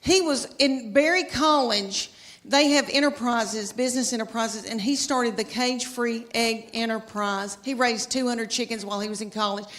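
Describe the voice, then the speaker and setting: A middle-aged woman, telling chatty, animated stand-up comedy stories on stage. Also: on the high side, moderate pace. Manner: folksy, chatty, animated storytelling. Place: stage before a live audience.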